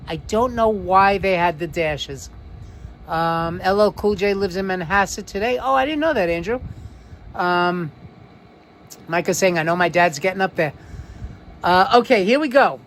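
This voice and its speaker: A man's voice: high-pitched, animated, fairly bright tone, slight background noise. A man with a New York accent hosting a live stream, reading viewer comments aloud and running a quiz in a chatty way, drawing out key words and using lots of fillers. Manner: chatty, drawn-out emphasis, frequent fillers. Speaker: livestream host.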